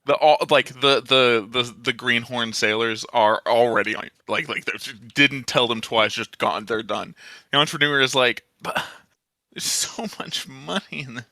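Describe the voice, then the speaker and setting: A man's voice: medium pitch, steady tone, normal speed, pushed and bright, no echo. A man running a tabletop game as game master, describing scenes casually with lots of fillers.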